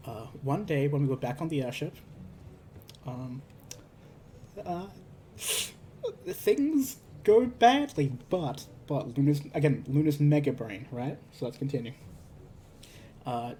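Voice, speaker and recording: A man's voice: mid-range voice, warm tone. A man casually recounting a tabletop game session, rambling with lots of fillers and restarts. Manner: rambling, filler-heavy, acts out characters. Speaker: streamer telling a tabletop game story. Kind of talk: casual storytelling.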